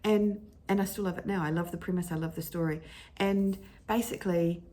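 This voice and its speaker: A woman's voice: on the low side, steady tone, brisk, dark tone. A middle-aged woman chatting casually at home, rambling and often stopping to correct herself. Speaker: vlogger talking about favorite books. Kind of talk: casual chat. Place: at home at her computer with her dog.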